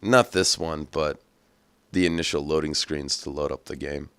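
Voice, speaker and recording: A man's voice: rumbling low, fairly even intonation, moderate pace, a bit bright, smooth, dry recording. A man hosting a gameplay walkthrough, talking casually with profane jokes. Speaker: gaming channel host. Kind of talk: gameplay commentary.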